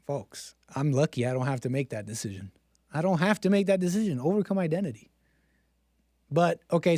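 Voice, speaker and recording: A man's voice: sits high, a little mellow, no echo, clean studio sound. A man hosting a livestream, joking and self-mocking as he talks to his chat. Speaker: streamer host. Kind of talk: casual livestream monologue.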